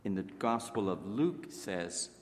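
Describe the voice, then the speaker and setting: A man preaching a sermon in a church, emphatic, rising to raised exclamations and dropping to hushed low asides. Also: animated, slow pace, faint music behind. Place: church sanctuary. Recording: long echoing reverb of a church hall.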